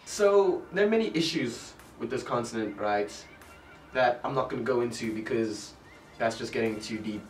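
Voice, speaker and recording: A man's voice: medium pitch, animated, moderate pace, a little hiss or hum. Joking young man, roomy. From South Africa. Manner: joking, rambling, full of "like". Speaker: vlogger. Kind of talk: comedic vlog rant. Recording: roomy sound from a distance. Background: faint music.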